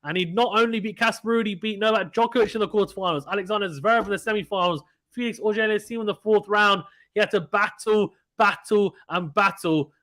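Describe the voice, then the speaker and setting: A young British man calls a tennis match live in a casual, chatty way, laughing easily and reading out viewer messages between points. His voice is bright and forceful, sitting a little higher than most men's. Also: fast talker, hardly any pauses. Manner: chatty, laughs often, reads viewer comments aloud. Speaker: live watchalong commentator. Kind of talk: casual play-by-play commentary reading chat.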